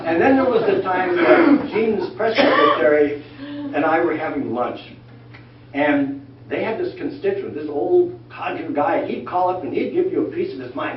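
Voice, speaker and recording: An older man telling folksy, animated stories about his working life to a church class, acting out the voices of the people he quotes. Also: sits high, takes it slowly, pauses often, some chatter behind. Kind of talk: anecdotal storytelling talk. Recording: echoey room from far off, dull lo-fi sound, faint noise.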